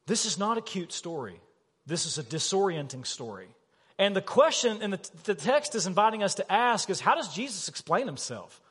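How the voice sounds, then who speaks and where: A man with a high, slightly husky voice preaches an emphatic sermon. He keeps asking his listeners questions. The long reverb of a church hall follows every line. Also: moderate pace. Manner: animated, emphatic, rhetorical questions. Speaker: pastor. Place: church sanctuary.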